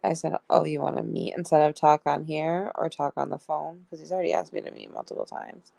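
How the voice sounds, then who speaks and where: A woman's voice: low-pitched, steady tone, fairly quick, gravelly, warm tone, no echo. A young woman streamer casually reading out both sides of a text chat, giggling often. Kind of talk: casual live-stream storytelling.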